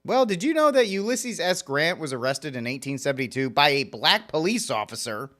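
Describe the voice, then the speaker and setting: Animated man hosting talk radio. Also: on the high side. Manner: animated, sarcastic asides. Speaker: radio talk show host.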